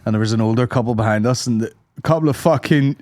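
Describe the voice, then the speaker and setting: A man's voice: mid-range voice, fast talker, a little mellow, no room sound, studio quality. A man co-hosting a podcast, telling rambling, sweary comic stories and acting out voices. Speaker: podcast co-host. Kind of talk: casual comedic storytelling.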